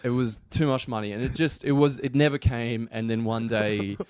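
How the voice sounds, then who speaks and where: A young Australian man at a podcast mic, telling a story with lots of animation and plenty of swearing. His voice sits mid-pitch and sounds dry and close, with no room echo. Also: fairly even intonation, moderate pace, a little mellow, clean tone. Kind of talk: casual podcast chat.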